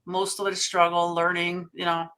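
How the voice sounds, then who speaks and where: Woman guest on a video-call panel, bright crisp voice, chatty with lots of uhs. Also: on the low side, flat delivery, moderate pace. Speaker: podcast host guest. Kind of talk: casual panel chat.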